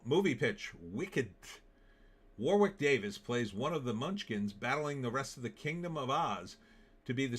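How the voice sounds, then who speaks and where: This man hosts a show of casual political and film commentary, speaking in a medium-pitched, slightly bright voice. He rambles sarcastically and leans heavily on fillers.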